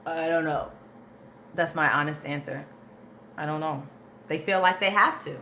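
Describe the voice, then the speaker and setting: A woman's voice: low voice, normal speed, bright, forceful tone, a little hiss or hum. A woman vocal coach chatting loosely and thinking aloud as she answers questions on a live stream into her phone camera.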